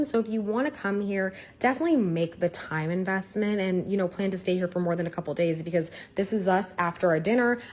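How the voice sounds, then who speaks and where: A woman in a travel vlog, talking to camera with breezy enthusiasm and practical tips. Her voice sits a little low. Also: darkish tone. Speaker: travel vlogger.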